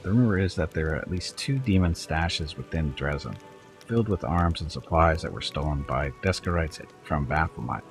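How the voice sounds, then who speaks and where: A sly male kobold bard from a fantasy game, a wandering traveler who lectures and probes, turning cold and ruthless when talk turns to traitors. A man reads him aloud, lifting his deep voice a little for the part. Music plays faintly underneath. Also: expressive, moderate pace. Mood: conspiratorial. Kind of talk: reading game dialogue aloud.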